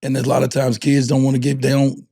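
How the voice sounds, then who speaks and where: A man's voice: mid-range voice, monotone, fast talker, gravelly, warm tone, husky. A man in his forties chatting on a podcast, talking earnestly and reflectively, with some restarts. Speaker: podcast co-host. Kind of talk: casual chat.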